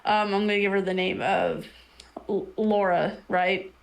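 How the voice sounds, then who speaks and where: A woman's voice: medium pitch, level tone, a little slow, gravelly, rough recording. A woman telling a personal story on a stream in a blunt, rambling way. She swears freely and fills her talk with restarts. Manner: many restarts and fillers like "like". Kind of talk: casual storytelling chat on a stream.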